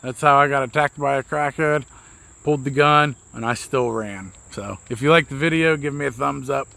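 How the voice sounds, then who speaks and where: Vlogger, man: gravelly and bright, profane self-mocking storyteller, outdoor crickets in the background. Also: medium pitch, normal speed. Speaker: vlogger, mobile mechanic. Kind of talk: casual storytelling to camera.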